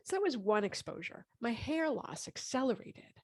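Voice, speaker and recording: A woman in her fifties telling her health story as a podcast guest, animated and lively, acting out what people said. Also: fairly high pitch, normal speed, dry recording. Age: 50s. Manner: animated, acts out quoted dialogue. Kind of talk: casual interview storytelling.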